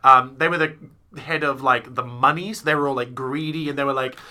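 A man chatting casually on a podcast about theatre shows, rambling and animated, slipping into quick silly voices. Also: medium pitch. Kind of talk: casual chat.

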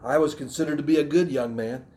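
A man's voice: fairly high pitch, quick pace, dark tone. Earnest Southern American man preaching. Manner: earnest, reflective, with frequent restarts and throat clearing. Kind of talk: sermon.

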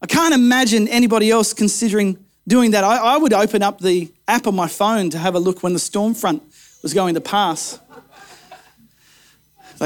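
A male pastor delivering a sermon, shifting between hushed intensity and rising, emphatic appeals. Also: high voice, normal speed.

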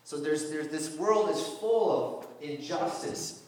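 Lively joking preacher, very echoey hall. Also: male voice, a little high, slow pace, far from the mic. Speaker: youth pastor. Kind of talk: informal sermon. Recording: very echoey room.

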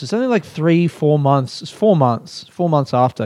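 A man's voice: a little high, animated, normal speed, a little mellow, dry recording. A young Australian man doing a rambling, profane, self-mocking comic monologue in casual chat. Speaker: comedian.

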